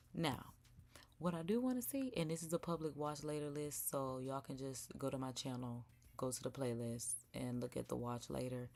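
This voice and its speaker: A young woman with a low voice hosts a laid-back live stream from her home, talking straight to her viewers and calling them y'all. Now and then she drops into a soft whisper, and a faint hiss sits under her voice. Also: creaky. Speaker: live-stream react host. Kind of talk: casual live-stream chat. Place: indoors at home.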